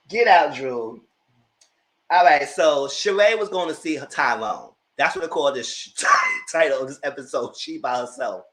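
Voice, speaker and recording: A man talks through a TV episode in a loose, chatty review. His bright voice swoops up and down as he tosses in sassy asides and laughs often. He sits at a middling pitch for a man. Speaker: TV recap YouTuber.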